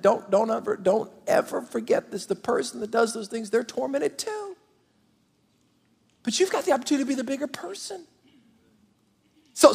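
A man with a high, gravelly voice preaches a lively sermon and talks straight to his congregation. His voice carries a long reverb from a big church hall. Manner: animated preaching, direct address to the congregation. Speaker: pastor. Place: large church auditorium.

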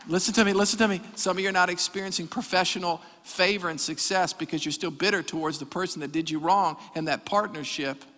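Preacher in his 40s, high bright voice, fired up and joking with the crowd, big echoey church. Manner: energetic preaching with jokes and crowd call-outs. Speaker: pastor. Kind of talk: sermon. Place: church hall. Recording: reverberant church hall.

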